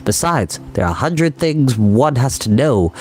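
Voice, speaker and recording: A man voicing a calm, practical male water rat with a low, soothing voice. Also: a little slow.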